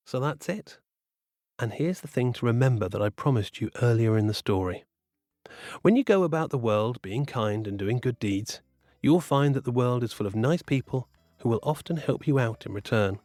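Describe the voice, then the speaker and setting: A man telling a fairy tale for children in an expressive, playful way. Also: mid-range voice, no room sound, studio quality. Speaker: storyteller. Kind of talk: storytelling for children.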